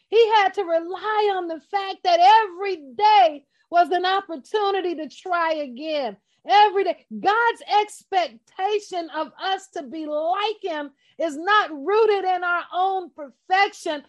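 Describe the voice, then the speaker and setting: High-pitched lady preaching slow n emphatic, impassioned, talks right to you. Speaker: bible teacher. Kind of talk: casual sermon.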